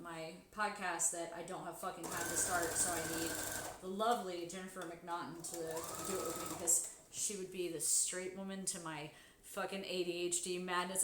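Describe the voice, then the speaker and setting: A woman telling a story in casual chat while sewing on a live stream, swearing freely and bursting into loud, high exclamations. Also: little pitch movement, normal speed, a little hiss or hum. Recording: echoey room.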